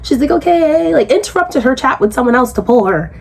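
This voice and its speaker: Husky, blunt woman ranting in a recap. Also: fast talker. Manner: blunt, profane, animated, jumps into high outraged pitch when incredulous. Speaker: reality show recapper. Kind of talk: casual recap commentary.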